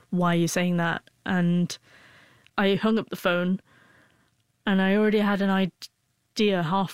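A woman's voice: fairly low pitch, smooth, dry recording. Woman in her forties who stutters. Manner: stutters, with frequent broken-off sounds and restarts. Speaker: interview guest. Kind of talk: emotional personal storytelling.

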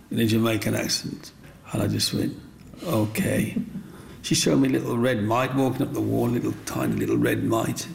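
A man's voice: lowish voice, moderate pace, creaky, a little hiss or hum. An older man telling stories from his life in an interview, rambling and acting out voices. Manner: rambling, animated, acts out voices. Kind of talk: storytelling interview.

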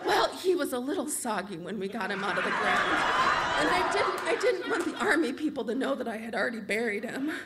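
A woman voicing her blunt, deadpan grandmother in her late seventies, speaking flatly and matter-of-factly. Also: a little high, a little fast, a loud crowd, very noisy.

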